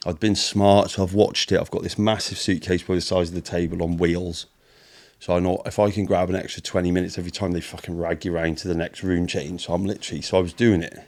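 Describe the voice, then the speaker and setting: Deep-voiced british guy, swears a lot, rambling army stories on a podcast. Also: level tone, fast, a little mellow. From United Kingdom. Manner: swears often, storytelling, acts out quotes. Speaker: podcast guest, entrepreneur. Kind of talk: casual chat.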